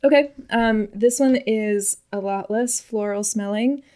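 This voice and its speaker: A woman narrates a spooky tabletop game as its game master, setting each scene with dry, vivid detail. Her voice sits at an ordinary middle pitch, and she keeps the players moving with quick questions. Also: warm tone. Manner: wry, descriptive storytelling.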